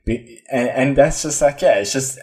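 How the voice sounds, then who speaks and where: South African man, podcast co-host, mid-pitched, rambling and self-correcting. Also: moderate pace, darkish tone. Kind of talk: casual podcast chat.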